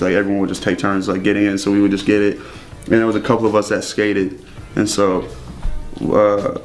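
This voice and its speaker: A young man telling stories casually in an interview, swearing often and laughing between lines. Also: lowish voice. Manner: profane, rambling, laughs often. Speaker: interview guest. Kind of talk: casual storytelling.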